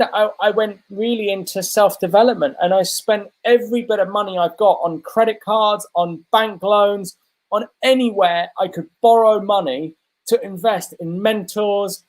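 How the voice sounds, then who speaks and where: A middle-aged man speaks as an interview guest. He tells his own story earnestly and confessionally, stringing his thoughts into long run-on sentences. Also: high voice. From United Kingdom. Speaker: interview guest, transformational coach.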